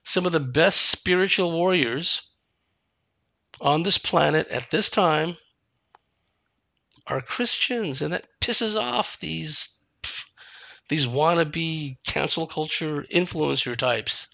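A man's voice: fairly high pitch, takes it slowly, creaky, long pauses, bright, forceful tone, no room sound. A man giving a solo commentary monologue, emphatic and dismissive, asking rhetorical questions.

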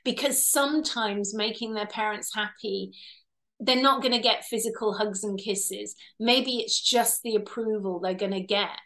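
A woman's voice: medium pitch, normal speed. A woman, a healer giving long interview answers and acting out parents and children as she explains. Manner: animated, acts out quoted parents and children. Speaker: past life regressionist and healer.

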